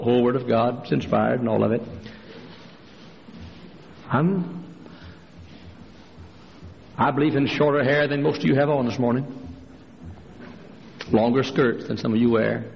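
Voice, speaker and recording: A man preaches a fiery sermon from the pulpit, his voice gravelly and worn. It sounds dull and lo-fi, with a long hall reverb and faint noise behind it. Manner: fiery preacher, jumps to a high strained voice for quoted women. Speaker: pastor. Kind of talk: sermon with acted-out stories. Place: large church.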